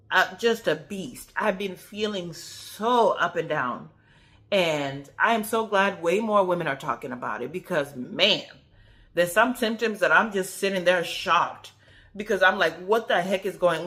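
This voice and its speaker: A woman in her forties talking casually to camera as a vlogger, chatty and animated, often checking in with "okay?". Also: mid-range voice.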